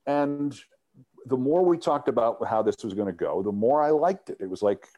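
A middle-aged man, a former sports TV host, telling animated anecdotes in an interview and often restarting his sentences. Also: mid-range voice, moderate pace, highs cut off. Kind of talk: storytelling interview.

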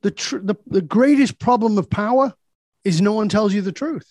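A man's voice: high-pitched, moderate pace, a little mellow, no echo, clean studio sound. A man guest in a casual interview, telling blunt stories and acting out dialogue, swearing freely. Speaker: podcast guest, leadership speaker.

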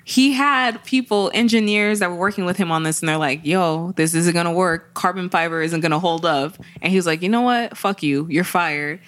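A woman's voice: lowish voice, brisk, few pauses. A woman co-hosting a podcast, telling a news story in casual chat, acting out the people she quotes. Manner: animated storytelling, acts out quoted voices. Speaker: podcast co-host.

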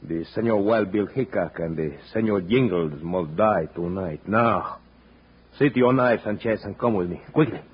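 An actor playing a scheming young bandit captain in a 1950s radio drama. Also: male voice, lowish voice, moderate pace, close to an everyday voice. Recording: dull lo-fi old radio recording with faint hiss.

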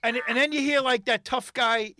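A middle-aged man with a high, bright and sharp voice spins a long story in loose, casual talk. He keeps restarting his sentences and jumps into the voices of everyone in it, yelling some of their lines. A faint hiss runs under the recording. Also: normal speed. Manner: animated, acts out quotes and voices, rambling restarts. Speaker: comedian telling a story.

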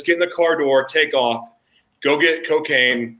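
A man hosting a casual chat, telling candid stories in an animated way. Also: a little high, a little slow, roomy sound.

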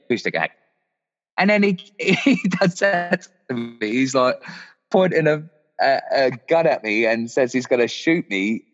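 Man laughing through a story. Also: mid-range voice. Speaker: guest musician. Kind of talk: casual chat. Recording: muffled, echoey room.

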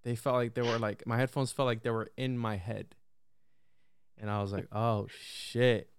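A young man telling a long story in a casual podcast chat, animated and full of swearing and restarts. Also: medium pitch, clean tone, dry recording, studio quality. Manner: animated, heavy swearing, quick repeated restarts. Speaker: podcast guest.

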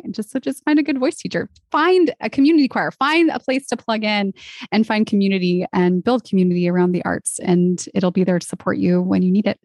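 A woman's voice: medium pitch, dry recording. Woman on a podcast, earnest and encouraging, dry close sound. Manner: earnest and encouraging, animated when quoting others. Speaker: podcast guest, vocalist and arts nonprofit founder. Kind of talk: conversational interview.

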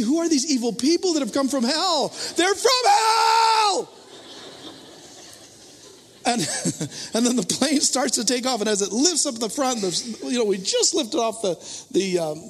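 A man preaching a sermon as a story, self-mocking and animated, acting out his own thoughts in loud voices. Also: extremely high pitch, big-room sound.

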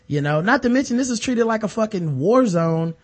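A man with a somewhat high voice co-hosts a casual podcast about the news. He talks in an animated way and slips into the voices of the people he quotes. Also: a little fast. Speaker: podcast co-host.

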